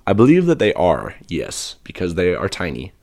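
A young man with a very low voice chats casually as a podcast co-host. His delivery is dry and deadpan. The recording sounds dry and close, with no room around him, and his nose is sore and broken. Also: moderate pace, creaky, dry recording. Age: young adult. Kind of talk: casual chat.

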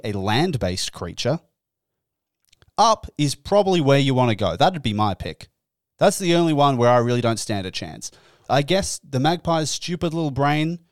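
A man in his young adult years hosts a comedic podcast with animated, exasperated storytelling and plenty of swearing. His mid-pitched voice sounds close and dry, with no room echo. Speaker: podcast host. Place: indoors.

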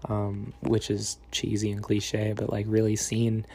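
A man's voice: lowish voice, monotone, a little slow, vocal fry, mellow, breathy edge. A young man in a casual vlog monologue, rambling and meandering with lots of fillers and half-finished thoughts. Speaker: vlogger.

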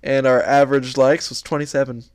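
A man's voice: medium pitch, little pitch movement, brisk, darkish tone, clear, resonant tone, dry recording. A young man co-hosting a podcast in casual chat, rambling through stories and laughing as he goes. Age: young adult. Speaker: podcast co-host.

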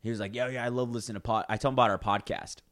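Fast-talking young man in a dry room. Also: mid-range voice, fairly even intonation, a bit bright, no echo. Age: 20s. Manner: rambling, restarts, acts out quoted voices. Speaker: podcast co-host. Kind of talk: casual chat.

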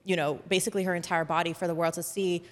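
A woman's voice: lowish voice, steady tone, fast. A woman hosting a podcast in casual conversation, chatty and full of "like" fillers. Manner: chatty, filler-heavy with frequent "like". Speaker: podcast host. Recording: long hall reverb.

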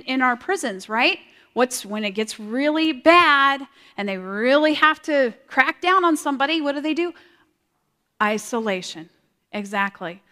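A woman sharing a personal testimony in a large hall, earnest and halting, often repeating her words. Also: high-pitched, a bit bright. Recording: long hall reverb.

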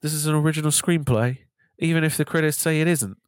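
A man's voice: a little high, fast talker, clean tone, no echo, pitched above the performer's own voice, lightly acted. A plaintive, whining Dickensian British boy, put on by a man. The voice is raised above the performer's own and sounds sorry for itself. The recording is dry and close. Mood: whiny. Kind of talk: comic impression of a celebrity.

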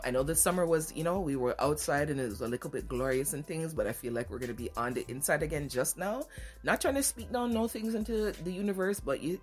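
A woman hosting a podcast, telling a frank personal story and acting out both sides of the dialogue. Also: low voice. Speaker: podcast host. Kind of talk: candid storytelling monologue.

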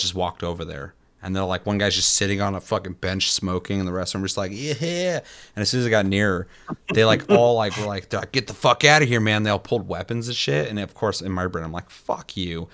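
A man in casual chat, animatedly retelling a chaotic video game moment with lots of swearing. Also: low-pitched. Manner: animated storytelling, heavy swearing.

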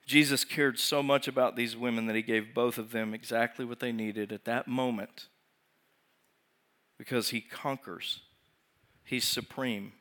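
Bright-voiced preacher, man. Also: mid-range voice, steady tone. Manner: asks the congregation rhetorical questions; swings from raised emphasis to hushed, slow delivery. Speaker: pastor. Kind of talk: sermon.

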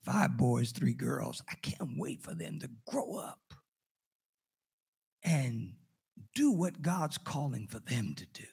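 An older man preaching a sermon, telling a family story with loud exclamations and hushed asides. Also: medium pitch, big pitch swings, slow, gravelly, pauses often, husky. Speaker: pastor.

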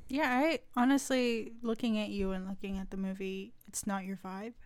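A woman's voice: mid-range voice, steady tone, normal speed, dry recording. A young woman co-hosting a casual chat podcast, teasing and laid-back. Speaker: podcast co-host.

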